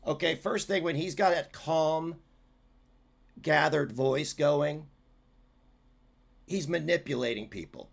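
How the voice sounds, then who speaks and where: A man's voice: a little high, takes it slowly, creaky, pauses often. A man hosting a livestream, giving heated, sarcastic, profane commentary as he reacts to clips.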